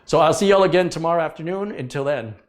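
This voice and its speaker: A man's voice: on the high side, fast talker. A middle-aged man hosting a casual live stream, talking earnestly and emphatically and repeating his points to drive them home. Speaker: livestream host, computer repair technician.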